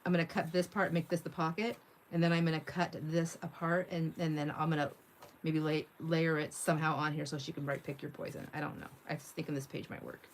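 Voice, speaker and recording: While crafting on a casual livestream, a middle-aged woman chats, laughs frequently, and reads viewer comments aloud. She speaks briskly in a low voice with little pitch movement, against slight background noise.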